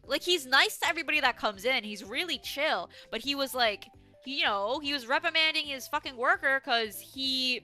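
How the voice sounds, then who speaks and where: A woman's voice: high voice, moderate pace, bright, forceful tone, soft background music. A young woman livestreaming as she plays a game, rambling through stories and chat with plenty of swearing, her throat dry and a little sore. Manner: rambling, chatty storytelling with frequent swearing. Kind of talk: casual chat while gaming.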